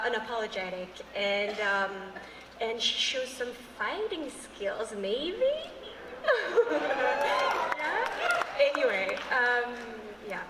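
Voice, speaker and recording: Slow, effusive woman, high voice. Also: noisy background. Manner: hesitant, effusive, many fillers. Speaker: actress on a panel. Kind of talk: panel answer. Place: large convention hall stage. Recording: echoey hall with long reverb.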